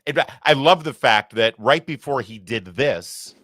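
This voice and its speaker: A man's voice: medium pitch, expressive, unhurried, a bit bright, dry recording, clean studio sound. A middle-aged man hosting a political commentary show, talking in a sarcastic, indignant, emphatic way. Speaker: host.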